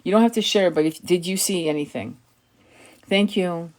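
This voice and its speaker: Effusive woman tarot host on a live stream, somewhat low voice, quick to praise. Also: darkish tone. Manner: effusive, gushing, repeats "beautiful". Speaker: tarot reader and spiritual guide hosting a live session. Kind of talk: live-stream tarot reading with chat replies.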